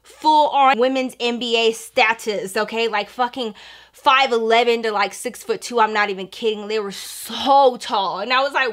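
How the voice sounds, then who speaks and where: A woman vlogger telling a casual story in an animated, chatty, profane way. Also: fairly high pitch, brisk.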